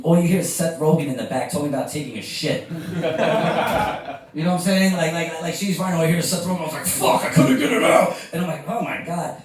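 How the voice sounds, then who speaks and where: Crude stand-up comic in an echoey club. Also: male voice, fairly high pitch, a little mellow. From New York. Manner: crude storytelling, acting out both sides of dialogue. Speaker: stand-up comedian. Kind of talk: stand-up set. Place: comedy club stage before a live crowd. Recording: echoey room, distant mic.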